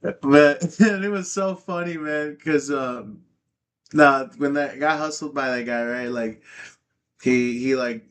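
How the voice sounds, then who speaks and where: A man's voice: medium pitch, slow. A man in his thirties, a comedian guest on a podcast, telling casual stories with lots of laughter and swearing, acting out the people in them. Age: 30s. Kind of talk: casual storytelling chat.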